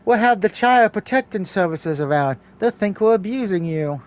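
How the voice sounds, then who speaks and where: A worried, weary mother pleads anxiously over her daughter in a story game, read out by a man. Her voice sits a little higher than the narration around it, and it stays light and soft. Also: lively intonation, normal speed. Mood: pleading.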